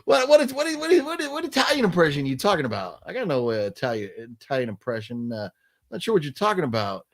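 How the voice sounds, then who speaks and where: Brief: a man playing a brash Italian-American wiseguy, loud and jumpy, lots of repeated lines. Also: mid-range voice, big pitch swings, fast talker, close to an everyday voice. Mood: mock denial. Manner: loud, repetitive, denying everything. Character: blustery Italian-American tough guy, adult man. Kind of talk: comic impression on a live stream.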